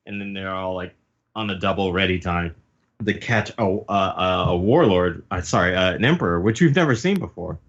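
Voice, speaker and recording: A man's voice: low-pitched, moderate pace, dull audio. A man hosting a podcast, recapping a comic casually, laughing often and acting out the panels. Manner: laughing, animated, acts out panels. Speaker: podcast host.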